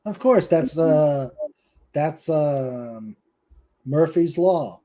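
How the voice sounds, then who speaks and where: A man's voice: fairly high pitch, lively intonation, mellow. A man with a New England accent hosting a casual web show, telling jokes and laughing often. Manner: joking, unhurried, laughs often. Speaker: host.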